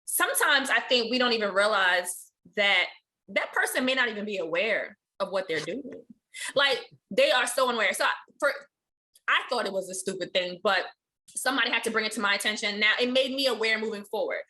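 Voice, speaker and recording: A woman hosting a podcast in casual chat, telling stories in an animated, slangy way and laughing often. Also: mid-range voice, fairly quick. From Haitian family. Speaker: podcast host.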